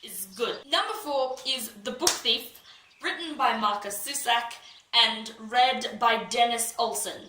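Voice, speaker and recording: A young woman vlogging about books she loves, chatting casually and enthusiastically, often trailing off into quick asides. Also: on the high side, pushed and bright, slight background noise. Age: young adult. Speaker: book vlogger. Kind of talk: casual chat. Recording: echoey room, voice a little far from the mic.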